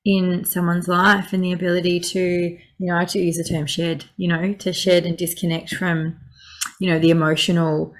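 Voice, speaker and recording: A woman hosts a relaxed interview, her voice sitting a little low. She sounds enthusiastic and lets her phrases fade softly. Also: normal speed. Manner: enthusiastic, repeats praise, soft low trailing phrases. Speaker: host, coach and healer. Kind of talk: casual conversational interview.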